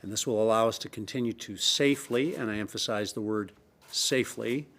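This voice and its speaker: A middle-aged man with a Canadian accent, giving a measured, emphatic government press briefing statement with frequent pauses. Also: on the low side, fairly even intonation. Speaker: provincial premier.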